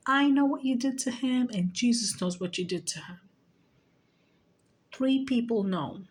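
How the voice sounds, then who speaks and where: A woman's voice: on the high side, expressive, measured pace, a little mellow. A woman vlogger in an agitated, profane, rambling casual rant to camera.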